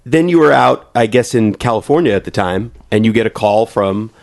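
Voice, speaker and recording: Low-voiced halting male podcast host. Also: expressive, creaky. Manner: halting, filler-heavy interviewer. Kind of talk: casual interview chat.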